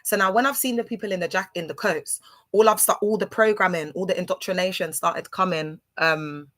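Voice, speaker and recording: A livestream host from London, she speaks fairly quickly in a lowish, fairly bright voice. Her casual storytelling monologue wanders through a personal tale, full of filler words and restarts.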